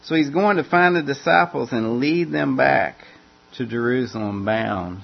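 In an unhurried, creaky mid-range voice, a man gives conversational Bible teaching, preaching casually and often repeating or restarting phrases as he explains. The recording is dull and lo-fi.

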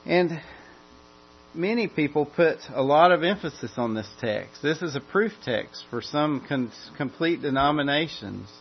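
A man's voice: fairly high pitch, expressive, measured pace. Earnest preacher man, lo-fi with hum. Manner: earnest, repeats and restarts phrases, builds in emphasis. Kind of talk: expository sermon. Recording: dull lo-fi sound with mains hum.

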